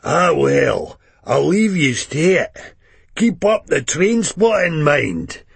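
A man voicing a cackling old Scottish drunk with a rasping, slurred Scottish voice. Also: on the high side, sing-song, takes it slowly, no echo, voice pushed up, full character voice. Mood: mocking.

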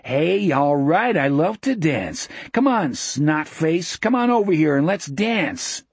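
A man's voice: a little high, lively intonation, normal speed, gravelly, a little mellow, breathy edge, dry recording, exaggerated voice. A man voicing a brutish, cruel teenage male bully with a coarse, sneering way of talking. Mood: menacing.

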